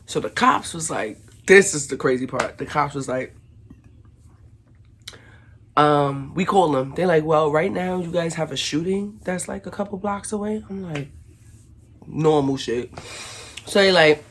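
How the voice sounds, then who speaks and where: A woman telling a casual storytime to her viewers, slangy and animated, acting out what everyone said. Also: low-pitched, slight background noise. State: recovering from illness. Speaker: vlogger.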